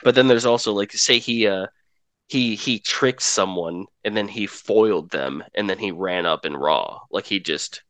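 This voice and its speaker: A man's voice: fairly low pitch, moderate pace, no room sound. Man, podcast co-host, rambling, many fillers, dry sound. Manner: rambling, many likes and restarts, gets excited. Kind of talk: casual album discussion.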